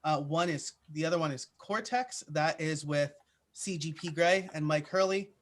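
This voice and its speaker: A man's voice: fairly high pitch, normal speed. A man answering interview questions in a casual, chatty way, with plenty of "uh" and "like" fillers. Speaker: podcaster guest.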